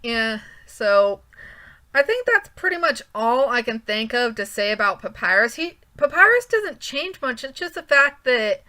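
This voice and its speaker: A woman's voice: on the high side, big pitch swings, measured pace, pushed and bright. A woman chatting casually over her drawing, rambling with frequent ums and restarts. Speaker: art channel creator.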